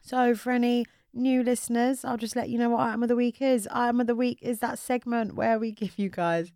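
A woman's voice: fairly high pitch, steady tone, fairly quick, a little mellow, dry recording, clean studio sound. A young woman co-hosting a podcast in a playful, chatty way, often laughing. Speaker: podcast co-host. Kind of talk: casual chat.

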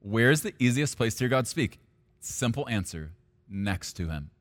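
A male pastor preaching a sermon, at times rising to loud, high-pitched intensity. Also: big pitch swings, moderate pace.

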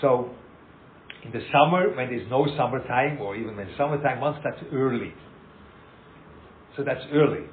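A man giving an animated, informal Torah talk as a rabbi, repeating himself and acting out little scenes. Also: mid-range voice, moderate pace, long pauses. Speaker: rabbi teaching a class. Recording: echoey, tinny lo-fi room recording with hiss.

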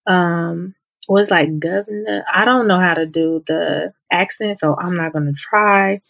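A woman's voice: on the low side, unhurried, creaky, a bit bright. A woman hosting a faith-based self-help podcast, talking in a conversational, encouraging way and repeating her key points. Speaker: podcast host.

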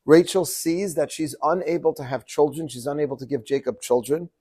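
A rabbi giving a Torah teaching, quoting Hebrew verses and translating them, with frequent rhetorical questions. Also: male voice, fairly high pitch, fairly quick, husky. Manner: animated, quotes Hebrew verses then translates; asks rhetorical questions to the audience.

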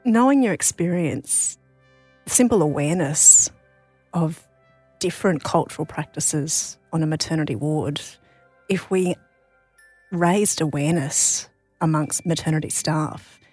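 A woman hosting an interview, with a husky, slightly low voice. She asks gentle follow-up questions in a dry, close recording. Faint music plays underneath. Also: measured pace, dry recording. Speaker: podcast host.

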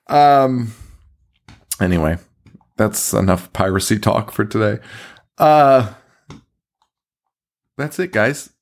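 A man's voice: lowish voice, slow pace, long pauses. A man co-hosting a horror podcast in casual chat, tired and rambling, swearing often and laughing between sentences. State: tired, yawning. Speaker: podcast co-host.

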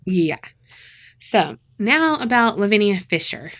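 A woman's voice: mid-range voice, big pitch swings, slow pace, fairly bright tone. A woman with a Southern American accent co-hosts a podcast and tells a crime story in casual chat. She laughs often and slips into voices to act out what people said. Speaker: podcast co-host.

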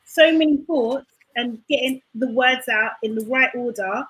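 A woman co-hosting a casual podcast, answering back in quick, defensive interjections. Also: a little high, fairly bright tone, slightly rough, rough recording. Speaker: podcast co-host. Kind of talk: casual chat.

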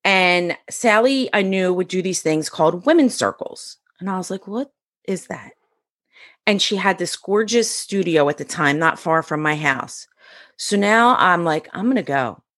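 A woman's voice: lowish voice, animated, unhurried, fairly bright tone, no room sound, studio quality. A middle-aged woman from the US East Coast, a podcast guest telling her story bluntly and acting out what people said. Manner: blunt, acts out quoted dialogue.

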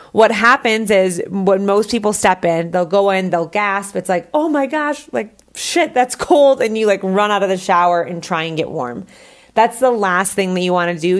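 A woman hosting her own podcast, talking casually and candidly, with lots of "like" fillers. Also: mid-range voice. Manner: chatty, candid, says "like" a lot. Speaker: podcast host.

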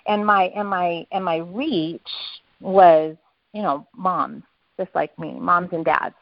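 Woman, eager, rambling, restarts sentences, lowish voice, dull phone sound. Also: steady tone, slow pace, vocal fry, no room sound. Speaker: network marketing guest. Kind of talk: casual phone interview. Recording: dull dry phone line.

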